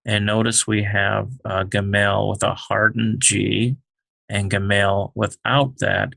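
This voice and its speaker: A man teaching the Hebrew alphabet, talking slowly with many fillers as he writes out each letter. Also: lowish voice, flat delivery, vocal fry, a bit bright, no room sound. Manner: slow, halting, many fillers, explains while writing. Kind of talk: unscripted alphabet lesson.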